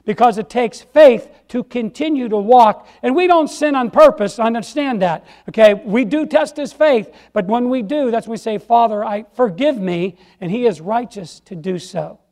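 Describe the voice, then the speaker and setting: A man's voice: very high voice, animated, normal speed, hardly any pauses, darkish tone. A man preaching a sermon in church, folksy and emphatic, repeating phrases and asking the congregation "Amen?". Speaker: lay preacher.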